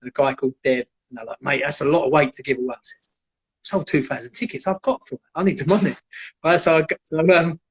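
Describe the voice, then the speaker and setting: A man telling animated stories in a casual live chat and acting out the people in them. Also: fairly high pitch, fast, breathy edge. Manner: animated, acts out quoted voices. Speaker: guest, jiu-jitsu black belt. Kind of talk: casual storytelling on a live stream. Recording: dull lo-fi live stream audio.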